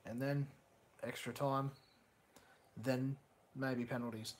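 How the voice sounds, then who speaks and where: A young man hosting a live stream, reacting excitedly to a football match, swearing casually and reading out chat messages. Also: medium pitch, takes it slowly, a little hiss or hum.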